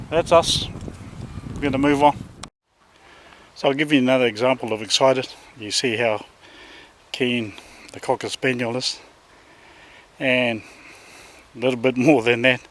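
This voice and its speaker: A man with a New Zealand accent, a dog trainer chatting casually outdoors with his dogs and now and then calling loudly to one of them. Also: mid-range voice, fairly even intonation, a little slow, pauses often. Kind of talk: casual outdoor vlog talk.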